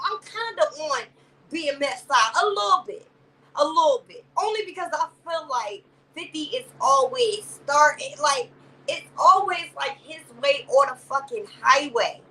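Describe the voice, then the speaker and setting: Greeting her chat viewers by name and calling them baby and sister, a woman rambles profanely through a casual live-stream commentary, filling gaps with "or whatever." Her high voice is bright and forceful. She's far from the mic, with slight background noise in a low-quality recording.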